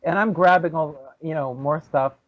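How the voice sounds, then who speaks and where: A man's voice: on the high side, normal speed. Guy telling a story on a podcast, does the voices, sounds like a phone call. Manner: animated storyteller, acts out quoted voices. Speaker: podcast co-host. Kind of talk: casual chat. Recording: tinny phone-like audio.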